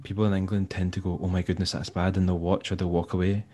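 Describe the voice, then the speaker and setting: A Scottish man, a musician and tour manager, telling stories in a relaxed, rambling way and acting out the people he quotes. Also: low voice, quick pace. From Scotland. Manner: rambling, laid-back, acts out quoted dialogue. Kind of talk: casual storytelling interview.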